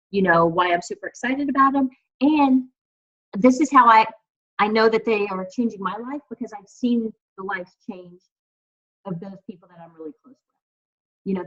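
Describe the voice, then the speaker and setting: A woman's voice: mid-range voice, bright, forceful tone. A woman leading her team on a video call, chatty and encouraging, with many fillers. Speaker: team leader. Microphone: computer mic on a video call. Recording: dull, lo-fi video call audio.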